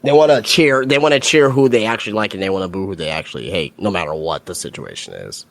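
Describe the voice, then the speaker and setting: A man in casual wrestling chat, halting and full of "like" and "you know". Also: deep voice, expressive, vocal fry.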